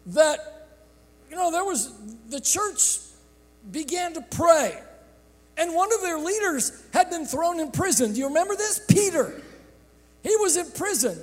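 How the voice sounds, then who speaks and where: A man preaching a sermon from a church sanctuary, swinging between bursts of shouting and hushed, drawn-out phrases. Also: very high voice. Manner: impassioned preaching with sudden shouts and hushed drops; slow, drawn-out delivery. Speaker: pastor. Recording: echoey sanctuary with long reverb.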